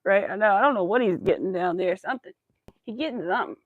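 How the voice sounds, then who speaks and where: A woman's voice: mid-range voice, fast, no echo, phone-quality sound. A woman crochet vlogger chatting casually to her viewers and her dog, cooing baby talk at the pet.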